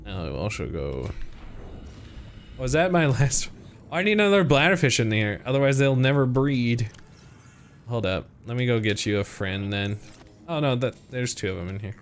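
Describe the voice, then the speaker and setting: A man's voice: medium pitch, lively intonation, normal speed, pauses often, slight background noise. A young man streaming a game, chatting playfully to his viewers and to the creatures on screen. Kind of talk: casual gameplay commentary.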